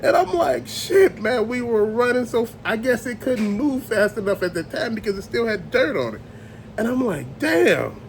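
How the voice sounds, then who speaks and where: A man's voice: very high-pitched, animated, normal speed, a little hiss or hum. A man telling a creepy story in a casual, profane way, acting out sounds and other people's voices. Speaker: storyteller host.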